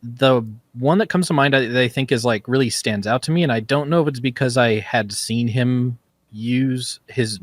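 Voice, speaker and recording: A man in casual podcast chat, giving thoughtful, measured opinions. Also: medium pitch, no echo. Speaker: podcast co-host.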